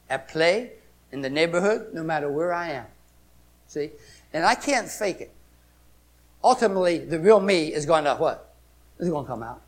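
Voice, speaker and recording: A man preaching a sermon, swinging between loud emphatic exclamations and hushed storytelling. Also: sits high.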